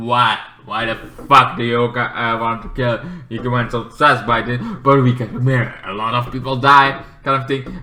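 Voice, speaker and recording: Male movie reviewer, casual and rambling, bright voice, echoey room. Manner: rambling, swears, acts out characters in shrill yells.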